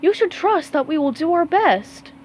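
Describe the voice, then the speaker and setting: A woman's voice: very high-pitched, very animated, normal speed, a little mellow, slight background noise, pitched above the performer's own voice. A woman reading a storybook aloud, voicing a cheerful, encouraging female squirrel who reassures her team. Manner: upbeat and reassuring.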